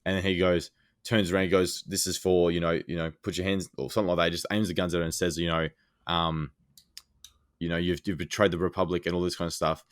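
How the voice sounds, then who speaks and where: Deep-voiced man retelling scenes excitedly. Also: quick pace, no echo, clean studio sound. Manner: excited, rambling scene retelling with many fillers. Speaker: podcast co-host. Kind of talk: casual chat.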